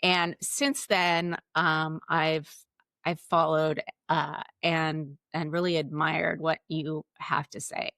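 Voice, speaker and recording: A woman's voice: low-pitched, level tone, takes it slowly, a bit bright, no echo. A woman hosting a live interview show, introducing her guest and asking questions in earnest, thoughtful phrases. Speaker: podcast host.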